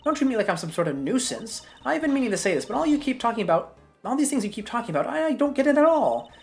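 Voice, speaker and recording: A woman doing a shrill, gushing old busybody. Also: sing-song, quick pace, darkish tone, faint music behind. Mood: fawning. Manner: gushing and scolding, swoops up high. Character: shrill meddling old woman, fawning, bossy.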